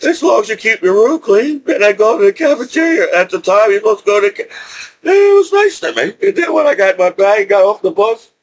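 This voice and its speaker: A man's voice: high-pitched, very animated, fast talker. A middle-aged man telling a rambling story about his own past, with many restarts and laughs. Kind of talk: casual storytelling.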